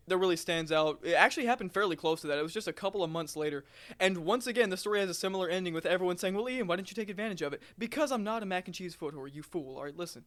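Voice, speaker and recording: A young man telling a work story on a casual podcast, animated and laughing often as he acts out the people in it. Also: sits high. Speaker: podcast co-host.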